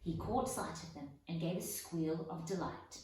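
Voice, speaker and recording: A woman reading a children's storybook aloud in a measured, unhurried way. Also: lowish voice, a little mellow. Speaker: audiobook reader. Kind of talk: storybook narration. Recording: echoey room, voice from far off.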